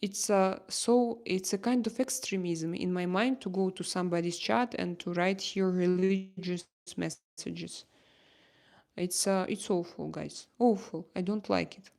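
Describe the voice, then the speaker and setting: Russian-accented woman hosting a livestream chat, unhurried and halting, with a creaky edge. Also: lowish voice, fairly even intonation, a little mellow. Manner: halting, many fillers and restarts. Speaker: livestream host. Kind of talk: casual livestream chat reading comments.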